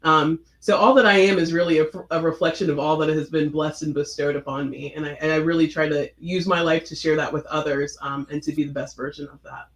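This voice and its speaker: A woman's voice: sits low, fairly even intonation, a little fast, few pauses, reverberant, rough recording. A woman from Florida, a talk show guest, speaking earnestly and reflectively with frequent hesitations. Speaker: guest, attorney.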